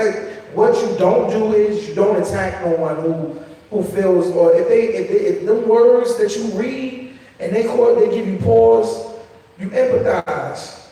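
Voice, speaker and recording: Man, high for a man but mellow, earnest panel talk, echoey hall heard from far off. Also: measured pace. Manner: earnest, conversational, repeats words as he speaks. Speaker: poet on a discussion panel. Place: event hall with an audience.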